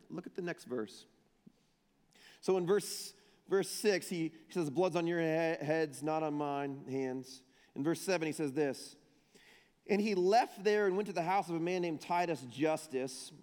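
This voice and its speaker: A male pastor with a somewhat high voice delivers a sermon, lurching from shouted lines down to hushed, intimate ones. He acts out the people he quotes. His voice rings with the long reverb of a large hall.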